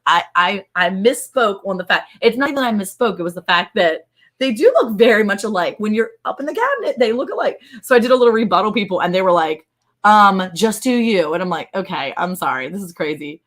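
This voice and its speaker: A woman hosting a casual livestream from a ranch home, chatty and excited and laughing often. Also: mid-range voice, fairly quick. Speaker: livestream host.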